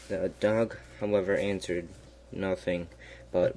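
A man reading a fairy tale aloud in a slow, even way, with small slips and restarts. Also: low voice, slight background noise. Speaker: storyteller.

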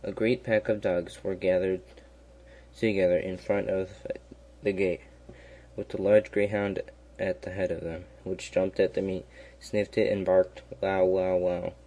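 A man reading a fairy tale aloud in a slow, even way, with small slips and restarts. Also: low-pitched. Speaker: storyteller.

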